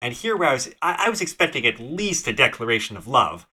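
A man's voice: mid-range voice, very animated, quick pace, bright, forceful tone. A man co-hosting a podcast, musing in a thoughtful, hesitant way about a story. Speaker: podcast co-host. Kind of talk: casual book-club chat.

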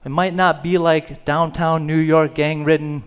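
A male pastor preaching a sermon in church, telling a story with conversational fillers and growing louder at its dramatic moments. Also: on the high side, little pitch movement, unhurried, smooth. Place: church sanctuary.

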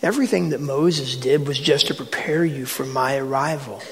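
Jesus, earnest and pleading, voiced by a preacher. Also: male voice, medium pitch, normal speed, fairly bright tone, pitched below the performer's own voice, close to an everyday voice. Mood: explaining. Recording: long hall reverb.

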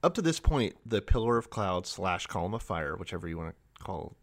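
Low-voiced sarcastic podcast host. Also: male voice, very animated, a little fast. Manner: sarcastic, acts out characters in big voices. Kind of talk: casual comedic chat.

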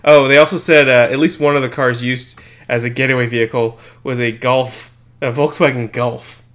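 A man's voice: medium pitch, steady tone, moderate pace, fairly bright tone. A young man co-hosting a podcast in casual chat, rambling and joking with many fillers and restarts. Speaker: podcast co-host.

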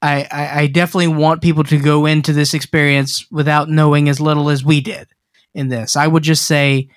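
A man's voice: on the high side, flat delivery, fairly quick, no echo, studio quality. A man co-hosting a podcast, chatting casually about horror films in a rambling, joking way with many restarts. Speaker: podcast co-host.

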